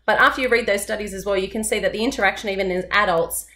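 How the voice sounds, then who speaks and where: A woman's voice: medium pitch, rapid-fire, bright, forceful tone. Casual teacher woman giving advice. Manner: casual, direct, explanatory, with fillers. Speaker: teacher and channel host. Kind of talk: unscripted advice talk to camera.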